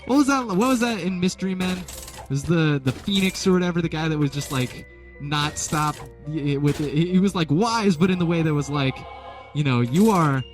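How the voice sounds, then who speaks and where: A man's voice: fairly high pitch, expressive, fairly quick. A young man giving casual, rambling gameplay commentary with jokes at his own expense. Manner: rambling, jokey, self-deprecating. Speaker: let's play commentator. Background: game music.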